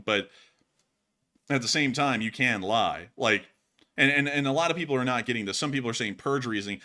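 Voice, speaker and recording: A man with a bright, forceful voice talks through news in casual commentary. He rambles and piles on fillers, his delivery loose and animated. He sounds like a regular co-host answering his partner on air. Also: medium pitch.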